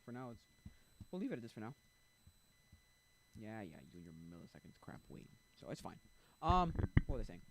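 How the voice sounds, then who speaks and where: A man's voice: lowish voice, vocal fry, a little hiss or hum, rough recording. A man streaming and chatting casually, rambling and blunt, full of restarts and asides to his chat. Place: home streaming setup.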